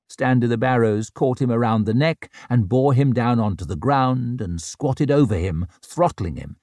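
A man giving measured, grave narration of a dark fantasy audiobook. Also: mid-range voice, dry recording, clean studio sound.

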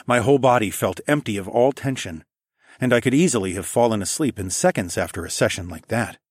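Low-voiced man narrating softly. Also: expressive, brisk, breathy edge, no echo, studio quality. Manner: soft, intimate, often hushed. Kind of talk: erotic audiobook narration.

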